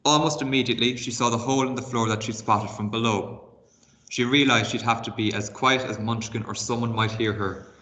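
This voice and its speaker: Bright-voiced man reading a story to pupils. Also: mid-range voice. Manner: expressive read-aloud, pausing to explain words and give reading tasks. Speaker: primary school teacher. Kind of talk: reading a novel aloud for a class video lesson.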